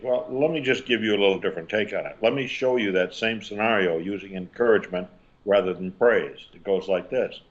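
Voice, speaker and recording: Animated older male storyteller. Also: fairly low pitch, normal speed, lo-fi sound. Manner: animated storytelling, acting out quotes. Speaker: parenting author guest. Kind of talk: interview answers.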